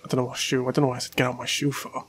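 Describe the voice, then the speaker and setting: A man joking his way through casual gameplay commentary, with loud outbursts and rambling asides. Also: mid-range voice, completely flat delivery, racing, faint music behind.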